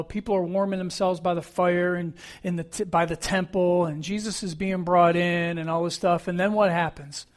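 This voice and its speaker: Male pastor, conversational sermon delivery, relaxed storyteller, high-pitched.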